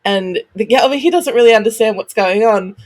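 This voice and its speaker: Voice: medium pitch, a little mellow. An Australian podcast co-host talking casually, rambling and filling sentences with "like". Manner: rambling, full of "like", quick bursts.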